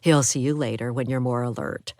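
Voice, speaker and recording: A woman reading a calm recovery-room nurse in an audiobook, speaking in a soothing, reassuring way. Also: extremely low pitch, fairly quick, no room sound, studio quality.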